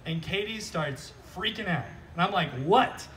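A man's voice: sits high, normal speed, slight background noise. A man preaching a sermon outdoors, talking conversationally and animatedly and often checking in with "right?", heard from some distance from the mic. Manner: animated, joking, repeats "right?". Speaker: pastor. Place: outdoor church service.

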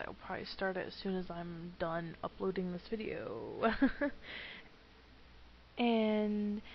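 A young woman gamer with a gravelly, medium-pitched voice records rambling, giggly let's play commentary at home. Her dull, lo-fi mic picks up faint noise.

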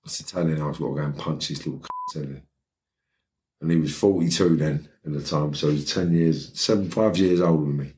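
A middle-aged man with a London accent, a guest on a podcast interview, tells a story in a blunt, streetwise, rambling way, checking in with "right?" as he goes. His very deep voice is steady and darkish in tone, and he talks a little fast. There is a little hiss or hum on the recording.

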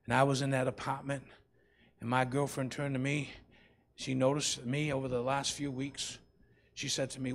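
A man preaching a sermon as pastor, swinging between loud and soft and calling out to the congregation. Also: mid-range voice, level tone, moderate pace, long pauses, a little hiss or hum.

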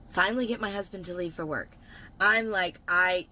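A woman's voice: medium pitch, a little slow, pauses often, sharp tone, slight background noise, low-quality recording. A woman vlogging from her car, telling a story in a profane, exasperated rant and addressing her viewers directly. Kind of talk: casual venting storytime.

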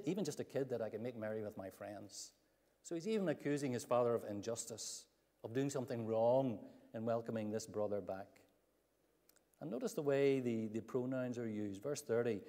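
A man's voice: mid-range voice, warm tone. A man preaching a sermon, telling a Bible story earnestly and acting out the quoted speech. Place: church hall. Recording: long church hall reverb.

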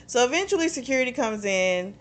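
A book reviewer casually recaps a novel's plot for her channel, retelling scenes loosely and chattily with plenty of fillers. Her voice is a little high and expressive, a little fast, with slight background noise.

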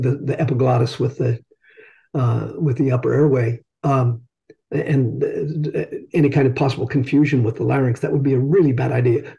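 This older man talks in a mellow, relaxed voice of middling pitch, explaining his view with care and pausing to find the right words. The sound is dull and lo-fi, as if captured on modest equipment. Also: gravelly. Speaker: invited speaker answering questions. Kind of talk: discussion after a talk.

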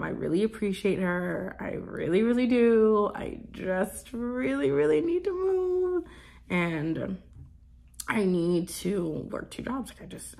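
Twenties woman, casual vlog talk, rambling and filler-heavy, a bit of vocal fry. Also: lowish voice. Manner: rambling, filler-heavy, soft coos to her pet. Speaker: vlogger.

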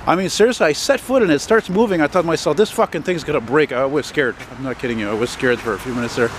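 A man with a gruff voice, walking and talking in a blunt, profane, rambling way as he films a casual vlog. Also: medium pitch, racing. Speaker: vlogger. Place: city street outdoors. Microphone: handheld camera. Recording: outdoor traffic noise. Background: street traffic.

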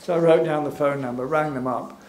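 Guy giving a talk at a gallery, kinda high voice, lots of ums, chuckles a lot, roomy echo. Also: steady tone, fairly quick, darkish tone. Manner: hesitant, many fillers, wry and chuckling. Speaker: invited speaker. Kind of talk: informal public talk over slides. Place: gallery event room. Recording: echoey room with faint background hum.

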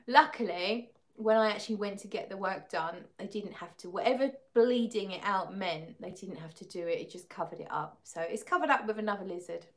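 A woman's voice: mid-range voice, moderate pace. A woman chats casually on a livestream, laughing often and reading viewers' comments aloud. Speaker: fragrance livestream host.

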